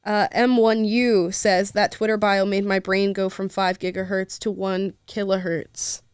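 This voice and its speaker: A woman chats through viewer comments on a live show, sarcastic and laughing often. Her voice sits at a middling pitch, recorded close on a dry mic with no room sound. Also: flat delivery, unhurried, clean tone, dry recording. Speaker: livestream host reading viewer comments. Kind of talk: casual live chat.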